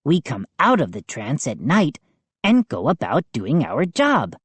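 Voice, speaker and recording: A woman voicing a small, pleading male lawn gnome with a raspy voice, speaking slowly and earnestly. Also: low voice, wildly swooping pitch, no room sound, exaggerated voice.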